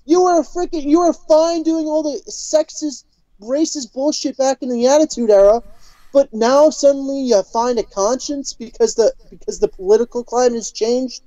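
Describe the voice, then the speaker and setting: A woman's voice: high-pitched, moderate pace, warm tone, no echo. Furious swearing woman ranting. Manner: furious, heavy swearing, stammering restarts. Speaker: podcast co-host. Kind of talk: angry profane rant. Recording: dull lo-fi podcast audio.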